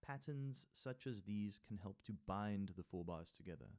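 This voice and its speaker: Male music theory tutor, low voice, mixes reading aloud with casual remarks and counts rhythms out. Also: expressive, moderate pace, darkish tone. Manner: reads text aloud, then adds casual asides and taps rhythms with sung syllables. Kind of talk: tutorial walkthrough reading from a workbook.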